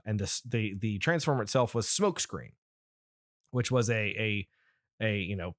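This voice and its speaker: Rambling low-voiced man, dry close mic. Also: no echo. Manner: rambling with restarts and fillers. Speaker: podcast host. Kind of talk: casual nerdy chat.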